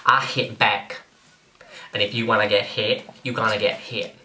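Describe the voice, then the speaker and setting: A swaggering, drawling tough guy, played by a man in a comedy sketch, full of repetitive bluster. His voice sounds very bright and sharp. It is recorded in an echoey room. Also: on the low side, flat delivery, normal speed, a little hiss or hum. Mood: menacing. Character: swaggering threatening man with fake Southern drawl. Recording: roomy echo.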